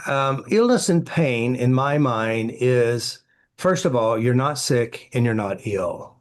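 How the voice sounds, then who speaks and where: Man, therapy practitioner, interview guest, anecdotal, chatty, mid pitch. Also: lively intonation, slow pace. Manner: anecdotal, acts out quoted dialogue, many "you know" fillers. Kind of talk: storytelling interview answers.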